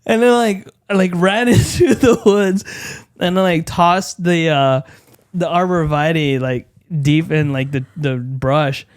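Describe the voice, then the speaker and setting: A young man co-hosting a podcast, telling a story in an animated way with lots of swearing and loud acted-out yells. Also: on the high side, a little slow, clean tone, no room sound, studio quality. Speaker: podcast co-host. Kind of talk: casual chat.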